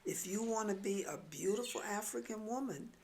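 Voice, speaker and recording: A woman voicing a matter-of-fact woman at a market, her lines soft and half-whispered. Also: medium pitch, normal speed, gravelly, slight background noise, voice pushed up, lightly acted.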